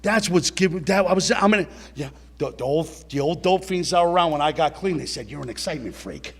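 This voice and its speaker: A man's voice: high-pitched, brisk. A middle-aged man telling a blunt personal story at a recovery meeting, swearing and talking straight to his listeners.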